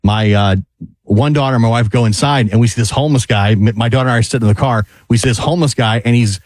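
A middle-aged man co-hosts a radio talk show, talking fast as he tells a story and quotes people. His voice is mid-pitched and dry, close on a studio mic. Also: darkish tone, no echo.

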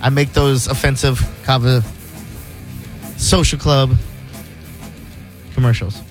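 A man's voice: medium pitch, steady tone, slow, soft background music. A man hosting a radio show, telling a story in casual banter and laughing often.

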